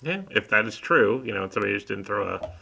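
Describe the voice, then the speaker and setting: Gravelly bright-toned man co-host. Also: fairly low pitch, expressive, fast, a little hiss or hum, poor audio. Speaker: podcast co-host. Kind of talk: casual chat recapping an episode. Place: home, on a video call.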